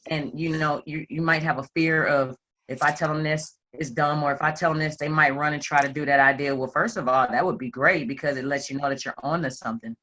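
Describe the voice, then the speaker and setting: Bright-voiced woman telling a lively story. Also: sits low, fairly quick. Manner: animated storyteller, acts out quotes, playful asides. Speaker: self-employed group member sharing a story. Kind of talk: candid personal testimony to a group.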